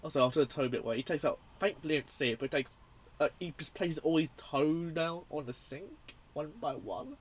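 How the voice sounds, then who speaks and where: A young man reviewing a horror film in a casual, rambling, profane and excitable way. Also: on the high side, fairly quick, breathy edge.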